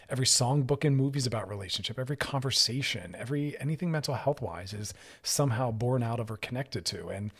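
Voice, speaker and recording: A man hosts a radio talk show, speaking as a therapist. He is chatty and upbeat and laughs often. His voice sits at a medium pitch.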